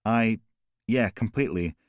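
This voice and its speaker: A man's voice: on the low side, measured pace, dry recording, clean studio sound, lightly acted. A man voicing a frantic young woman on an emergency call, pleading and breathless.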